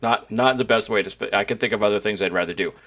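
A man co-hosting a relaxed podcast, spinning wry stories with dry humor. His voice sits a little low and he talks in easy, conversational runs. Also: fast. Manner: wry, storytelling with asides. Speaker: podcast co-host. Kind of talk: casual chat.

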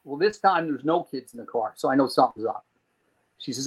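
A man from New Jersey, a podcast guest, telling a story in a lively way, swearing and acting out scenes. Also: medium pitch, brisk, husky, poor audio. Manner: animated, swearing, acts out scenes. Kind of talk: profane comic storytelling.

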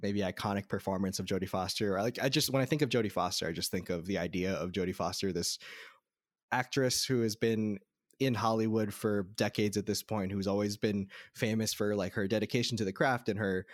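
A man with a lowish voice chatting casually about a film on a podcast. He rambles with many fillers and restarts. His voice sounds close and dry. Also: fairly even intonation, brisk, dry recording. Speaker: podcast co-host.

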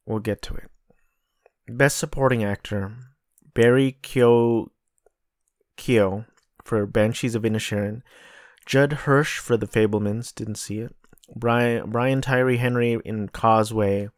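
Slow-talking laid-back American man. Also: medium pitch, steady tone, dry recording, clean studio sound. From United States. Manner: rambling, profane, looks things up aloud. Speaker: podcast host. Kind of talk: casual solo commentary.

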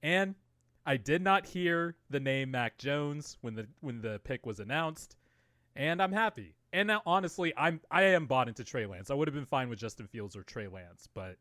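A man co-hosting a sports podcast who talks in an excitable, rambling way and swears freely. His voice is mid-pitched and recorded dry and close, with no room sound. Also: normal speed, no echo. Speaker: podcast co-host. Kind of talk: casual sports podcast chat.

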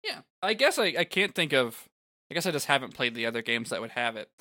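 A man's voice: mid-range voice, big pitch swings, quick pace, pushed and bright, no room sound, studio quality. A man co-hosting a podcast in loose, chatty talk, laughing often and swearing. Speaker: podcast co-host. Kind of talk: casual chat.

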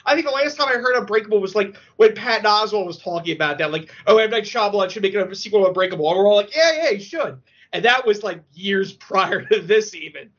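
Excitable high-voiced man, husky and bright. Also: fast, few pauses. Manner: excitable, emotional storyteller, many fillers. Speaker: podcast guest. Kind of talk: casual podcast chat. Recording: dull lo-fi audio.

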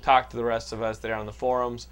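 A man's voice: mid-range voice, level tone, fast talker, slight background noise. A man hosting a casual podcast, joking around, laughing often and swearing freely. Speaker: podcast host.

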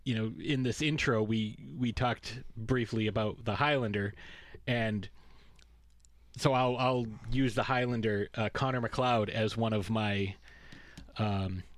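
A man's voice: lowish voice, steady tone, unhurried, no room sound. A man co-hosting a podcast in casual chat, rambling and sarcastic, swearing freely as he recaps a film series. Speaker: podcast co-host.

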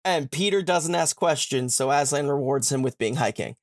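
A medium-pitched male podcast host casually walks through a book's plot, swearing and recasting the characters' dialogue in quick modern slang. It's studio quality with no echo.

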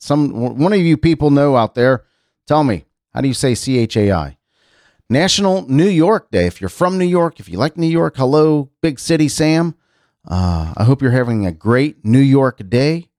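The voice is deep and darkish, belonging to a middle-aged man who hosts a casual radio-style chat show. He rambles and muses aloud while reading news items, often restarting, in an echo-free studio-quality recording.

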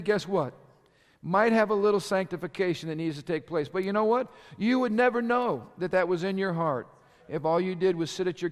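A man preaching a sermon, asking his congregation rhetorical questions and building up in volume. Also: sits high. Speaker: pastor. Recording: long hall reverb.

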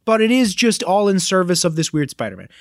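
A man's voice: high-pitched, brisk, no room sound, studio quality. A man co-hosting a podcast in casual chat, telling a long story with energy and acting out the lines of the people in it. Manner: animated storyteller who acts out quoted lines. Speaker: podcast co-host.

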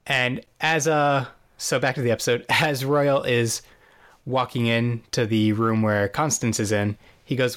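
A man's voice: medium pitch, fairly even intonation, a little slow, fairly bright tone. A man co-hosting a podcast, casually recapping a TV episode in a dry, sarcastic way with plenty of fillers and restarts. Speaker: podcast co-host.

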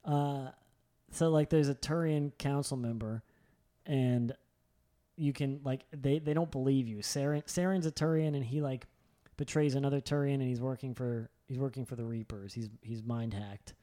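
A young man chatting casually and excitedly, rambling with lots of filler words and swearing. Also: medium pitch, moderate pace. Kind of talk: casual chat.

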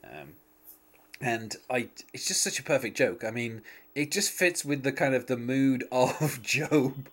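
A man's voice: mid-range voice, expressive, unhurried. Chatty man, laughing through a recap. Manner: laughs often, many fillers and restarts. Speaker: podcast host. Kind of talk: casual chat recapping a TV episode.

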